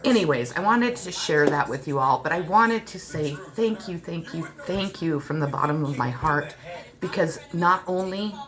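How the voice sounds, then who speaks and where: A low-pitched woman in her forties pours out a personal story to her viewers, rambling and repeating herself as she goes. A crowd murmurs clearly in the background. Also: moderate pace, rough recording. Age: 40s. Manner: emotional, rambling, repetitive. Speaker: spiritual channel host. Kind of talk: personal vlog confession.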